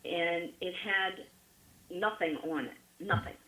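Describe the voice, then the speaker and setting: A woman's voice: on the low side, slow, pushed and bright, low-quality recording. A middle-aged woman from Rhode Island with a New England accent, chatting as a guest and repeating words for emphasis. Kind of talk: conversational interview.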